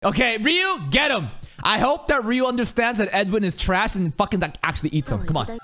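A man's voice: high-pitched, animated, fast talker, a bit bright, soft background music. A man reacting live to an anime as a streamer, laughing often, teasing the characters and swearing freely. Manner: teasing, mock-outraged asides. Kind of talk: casual live reaction commentary.

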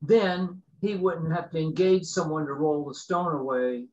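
A man's voice: fairly high pitch, fairly even intonation, measured pace, darkish tone, muffled recording. A man in a casual group Bible study, earnestly explaining his view of the passage.

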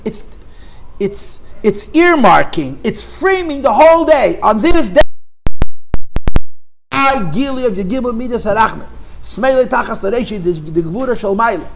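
A man with a notably high voice gives a conversational Torah class. He leans hard on key points, throws out rhetorical questions, and circles back over his own words as he rephrases.

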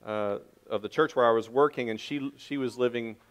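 A man's voice: mid-range voice, normal speed. A middle-aged man preaching a sermon, telling a rambling, self-deprecating family story with many restarts. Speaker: pastor.

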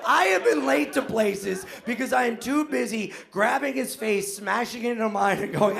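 A man doing a loud, manic, self-mocking stand-up set on a club stage in front of a live audience, often laughing at his own jokes. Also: high voice, moderate pace, gravelly, few pauses, background noise. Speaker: stand-up comedian.

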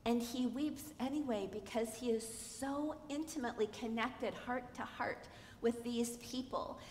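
A woman giving a sermon as a guest preacher, expressive, moving between hushed lines and loud emphatic ones and asking the congregation questions. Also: on the high side, measured pace, slight background noise. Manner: speaks directly to the congregation with questions. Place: church sanctuary. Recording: echoey church with long reverb.

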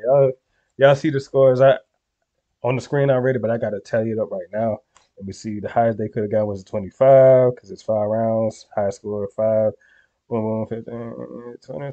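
A young man giving casual reaction commentary, tossing slang at his viewers in a loose, laid-back way. His voice is mellow and somewhat dark, and the recording sounds a little dull and lo-fi. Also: medium pitch. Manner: laid-back slangy talk to viewers, frequent "you feel me". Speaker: reaction video host.

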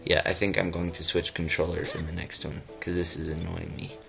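A man's voice: low voice, little pitch movement, brisk, vocal fry, sharp tone, faint music behind. A young man casually commenting while he plays a video game, goofing around and reading game text aloud in silly voices. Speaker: let's play host.

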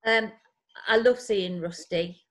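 A woman chatting casually on a group video call rambles through a personal story, performing the quoted voices. She takes it slowly, with a medium-pitched, slightly bright voice.

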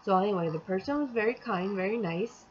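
A young woman tells her story to the camera in a loose, rambling way, exasperated and quick to act out what was said. Her voice sits in a middle range. The recording is a little dull, with faint hiss behind it. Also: mid-range voice. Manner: rambling and exasperated, acts out quotes. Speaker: vlogger. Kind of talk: storytime vlog, casual chat.

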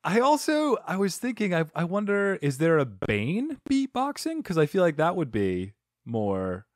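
A man's voice: high voice, wildly swooping pitch, moderate pace, dry recording, clean studio sound. A man hosting a comedy podcast in casual chat, effusive and playful. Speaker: podcast host.

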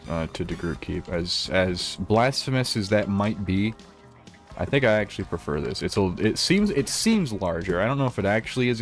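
Low-voiced man rambling over gameplay. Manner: rambling, profane, self-interrupting. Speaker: gaming commentator. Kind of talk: casual gameplay commentary.

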